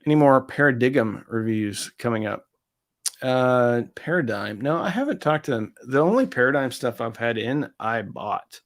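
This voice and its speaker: A man in the middle of a relaxed live stream, reading out viewer messages and answering each one. His voice sits at an ordinary pitch. He talks loosely, full of "um" and "like" and quick asides.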